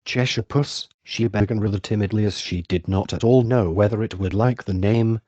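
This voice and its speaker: Synthetic male narrator, audiobook reading, low voice, dry close sound, even measured delivery. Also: dry recording, dull audio. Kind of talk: scripted narration.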